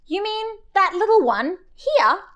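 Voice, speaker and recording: A woman's voice: very high voice, sing-song, slow, fairly bright tone, pitched above the performer's own voice, full character voice. A woman voicing an eager, bumbling young would-be lion who asks wide-eyed questions in a storybook.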